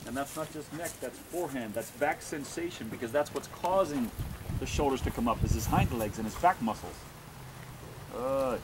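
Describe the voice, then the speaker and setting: A man's voice: medium pitch, animated, normal speed, background noise. A man coaching a dressage lesson, giving short commands and encouraging praise. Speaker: riding instructor.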